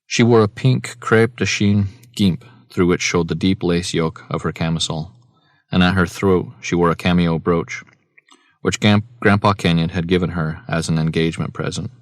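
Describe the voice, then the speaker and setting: A man narrating an audiobook in a measured, even reading voice on a close mic. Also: deep voice, dry recording. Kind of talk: scripted narration.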